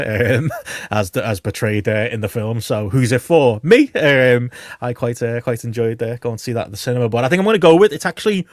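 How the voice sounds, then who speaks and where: A man co-hosts a podcast in easy casual chat, enthusiastic and rambling, with many ums along the way. His voice sits at a middling pitch and the recording is close and dry. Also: dry recording. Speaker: podcast co-host.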